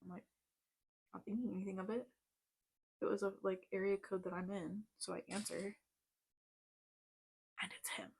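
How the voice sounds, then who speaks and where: A woman's voice: mid-range voice, level tone, moderate pace, vocal fry, pauses often, a little mellow, a little hiss or hum. A woman in her thirties telling a personal story in a casual, chatty way, full of "like" and tense asides. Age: 30s. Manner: chatty, lots of "like", tense retelling. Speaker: vlogger. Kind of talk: casual storytime while doing makeup.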